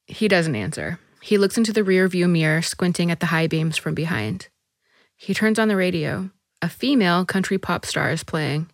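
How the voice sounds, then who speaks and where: A woman reading a short story aloud as narrator, measured and even. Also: lowish voice, no room sound, clean studio sound.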